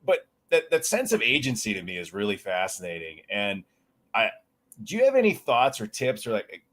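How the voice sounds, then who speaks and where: A man's voice: fairly low pitch, moderate pace. A male podcast host asking questions in casual conversation, animatedly voicing imagined thoughts. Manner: animated, voices quoted thoughts. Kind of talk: casual interview.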